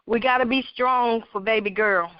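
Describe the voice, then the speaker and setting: A woman reading the lines of a loving father who speaks gently to comfort his sick daughter. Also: fairly high pitch, normal speed, natural voice. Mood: tender. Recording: dull lo-fi recording.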